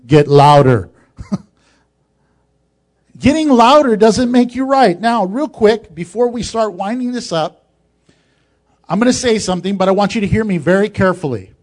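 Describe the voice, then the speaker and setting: A male pastor preaching a sermon in a conversational way, with joking asides. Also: high-pitched.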